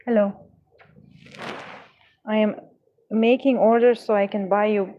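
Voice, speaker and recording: Slow-talking woman cooing to her cat. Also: medium pitch, fairly even intonation, phone-quality sound. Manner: cooing, affectionate pet talk. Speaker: vlogger. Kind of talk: casual chat to her cat while working.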